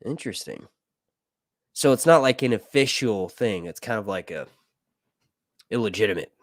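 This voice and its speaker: A man's voice: fairly low pitch, expressive, normal speed, no echo, studio quality. A man giving casual, profane movie commentary, rambling between jokes and reading passages aloud. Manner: profane, rambling, jokey asides. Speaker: film reviewer.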